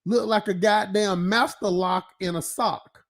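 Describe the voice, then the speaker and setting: Stream host, male, high-pitched, loose profane ranting monologue, laughs a lot, heavy filler. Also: fairly even intonation, a little slow, fairly bright tone.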